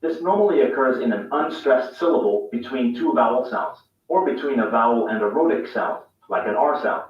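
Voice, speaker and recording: A man's voice: medium pitch, expressive, moderate pace, hardly any pauses, very echoey. A man gives a scripted, precise explanation of English pronunciation. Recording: video clip played in a room, distant and dull.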